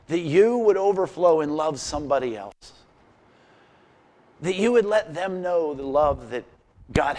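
A man preaching a sermon as pastor, impassioned and full of rhetorical questions, dropping to a quiet, earnest tone in prayer. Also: a little high. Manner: quiet and earnest when praying.

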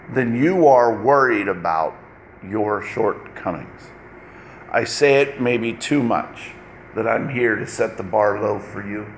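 A man preaching a lively, conversational sermon, acting out short exchanges between people as he goes. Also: mid-range voice, roomy sound, slight background noise. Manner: animated, conversational, acts out little dialogues. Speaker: pastor.

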